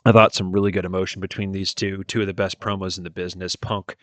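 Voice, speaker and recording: A man's voice: sits low, little pitch movement, fast talker, fairly bright tone, dry recording. A man giving a casual, rambling wrestling review, retelling with many fillers and plenty of enthusiasm.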